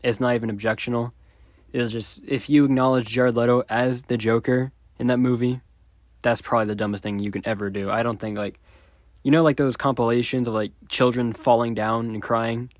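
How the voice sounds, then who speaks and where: A man retelling a chat exchange in a sarcastic, deadpan commentary style. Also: mid-range voice, fairly quick, no room sound, clean studio sound. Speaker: video creator.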